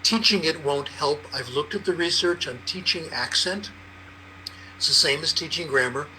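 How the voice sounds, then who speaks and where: Bright-voiced older man telling stories. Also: a little high, moderate pace, a little hiss or hum, poor audio. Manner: anecdotal, lively storyteller. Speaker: panelist, language researcher. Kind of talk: conversational explanation.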